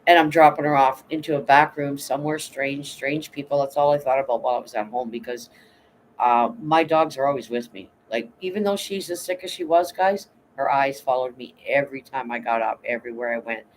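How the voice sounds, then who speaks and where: A middle-aged Canadian woman hosts a casual livestream chat, talking bluntly and emotionally, swearing often and greeting viewers by name. Her voice is very deep and fairly quick. The recording is rough, with slight background noise.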